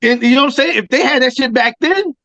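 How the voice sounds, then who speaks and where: A man co-hosting a podcast who talks in a halting way, repeating words while he thinks, in casual chat. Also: very high-pitched, vocal fry, bright, forceful tone, no echo. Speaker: podcast co-host.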